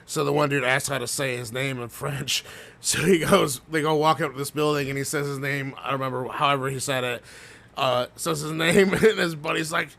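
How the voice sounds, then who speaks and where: A man's voice: mid-range voice, fairly even intonation, a little fast, gravelly, fairly bright tone. A man co-hosting a podcast, rambling through a story, swearing often and laughing as he goes. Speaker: podcast co-host. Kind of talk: casual profane chat.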